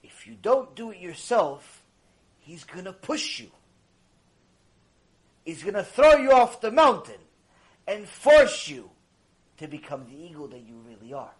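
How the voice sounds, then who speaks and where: A man giving an impassioned mussar lecture, exhorting his listeners and swinging between hushed and loud. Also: high-pitched, very animated, unhurried, pauses often. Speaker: Torah lecturer.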